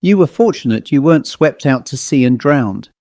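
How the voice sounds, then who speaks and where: A man reading an audiobook, voicing a kindly woman nurse who speaks gently and formally. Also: mid-range voice, expressive, moderate pace, no echo, clean studio sound, close to an everyday voice. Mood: gentle. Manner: gentle, then formal and reassuring. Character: kindly young woman hospital nurse, calm.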